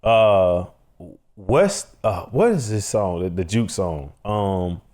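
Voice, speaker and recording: A man's voice: fairly low pitch, expressive, takes it slowly, darkish tone, a little hiss or hum. A man with a Chicago accent co-hosting a casual podcast, slangy and laid-back, laughing often. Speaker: co-host.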